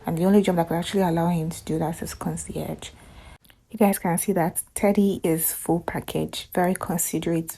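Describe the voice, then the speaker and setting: A woman's voice: lowish voice, mellow. A woman casually recapping a romantic movie for her viewers, chatty and gushing, breaking into sudden squealed exclamations.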